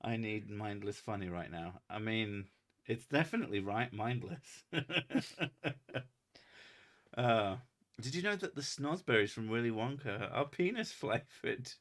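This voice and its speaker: A man's voice: fairly low pitch, lively intonation, unhurried, fairly bright tone. A man from England hosting a casual livestream, reading viewer comments aloud with jokes, swearing and frequent laughter. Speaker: host reading viewer chat.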